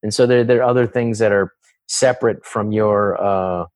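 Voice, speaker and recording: A man's voice: fairly low pitch, steady tone, moderate pace, darkish tone, dry recording. A man, a comedian and actor, chatting as a guest in an interview, rambling and acting out voices. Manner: rambling, many restarts, acts out voices. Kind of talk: casual interview chat.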